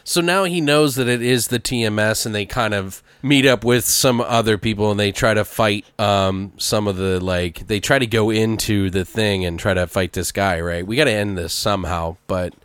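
A man in casual chat, brainstorming a story with a friend, talking in an animated, profane way and acting out the characters. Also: fairly low pitch, normal speed, few pauses, clear, resonant tone, no room sound.

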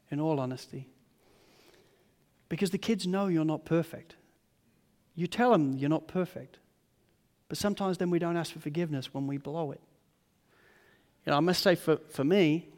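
A man, preaching a sermon in a church and acting out family scenes in lively voices. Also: fairly high pitch, big-room sound. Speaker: pastor. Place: church hall.

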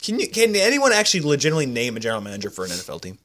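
A young man riffing on sports with a fast, bright, forceful delivery. His pitch moves a lot as he jumps from one tangent to the next. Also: wildly swooping pitch, a little hiss or hum. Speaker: podcast co-host. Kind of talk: casual sports chat.

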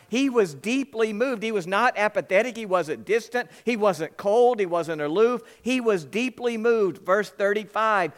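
A man's voice: high voice, a bit bright. A man preaching a sermon as pastor, emphatic and repetitive, acting out the people in the story.

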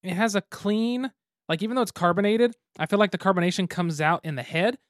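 A man hosting a board game podcast in a relaxed, chatty way, talking into a mic on a stand. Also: sits high, a little fast, dry recording, clean studio sound. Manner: relaxed, chatty, laughs easily. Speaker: podcast host. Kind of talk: casual chat.

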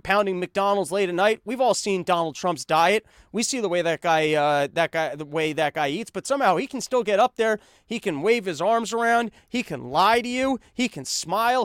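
A man's voice: high voice, lively intonation, moderate pace, few pauses, fairly bright tone, no echo, studio quality. A man hosting a podcast, delivering a sarcastic, rambling comedic monologue. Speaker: podcast host.

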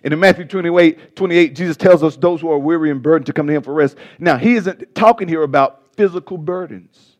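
A male pastor preaching a sermon with passion, stumbling over words and swinging between loud bursts and soft asides. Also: fairly high pitch, fairly quick, dull audio.

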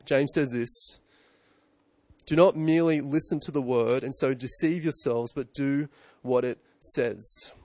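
Pastor, a man in his 30s, preaching casually with repeated questions, slightly high voice, close and dry. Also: darkish tone, no echo. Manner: conversational, self-correcting, rhetorical questions. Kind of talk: sermon.

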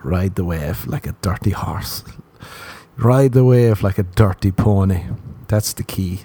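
A man's voice: mid-range voice, dark tone, no room sound. A man riffing through a rambling comedic monologue, swearing freely, mocking himself and breaking into laughs. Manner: profane, self-mocking, laughs often; loose storytelling with asides.

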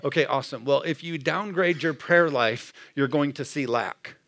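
A man's voice: fairly high pitch, normal speed, fairly bright tone. A middle-aged man preaching a sermon in a conversational style, often asking the room "Amen?". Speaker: pastor.

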